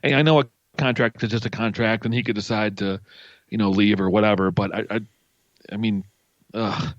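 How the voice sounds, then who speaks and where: Male podcast guest, low voice, eager storyteller; dry, slightly dull recording. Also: moderate pace, no echo. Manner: enthusiastic storyteller, animated. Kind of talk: casual podcast chat.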